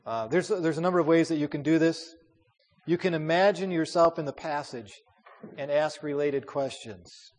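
Leading an informal Bible study, this pastor speaks at a moderate pace in a voice on the high side. He keeps it conversational, with fillers and repeated words, and a long hall reverb colors the recording.

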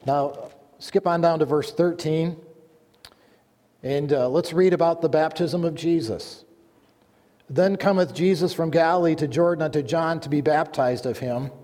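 Guy preaching a sermon, kinda high voice, long church reverb. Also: a little slow, mellow. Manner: earnest preaching with a folksy joke. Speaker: pastor. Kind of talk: sermon with scripture reading.

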